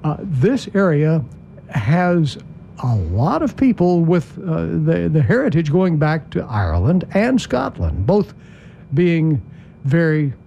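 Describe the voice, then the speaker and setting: A man hosts a morning radio show. His voice sits high and swings all over, with a gravelly edge and a mellow, dark tone. He chats and teases his guests in a friendly way. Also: sing-song, slow pace, highs cut off, a little hiss or hum. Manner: friendly, chatty, teasing guests. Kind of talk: casual radio chat.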